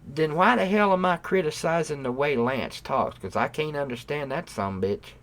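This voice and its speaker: A man hosting a livestream, rambling and cursing with bursts of loud mock outrage at his live chat. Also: fairly high pitch, moderate pace. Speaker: livestream host. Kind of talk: casual profane rant to live chat. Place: room at home.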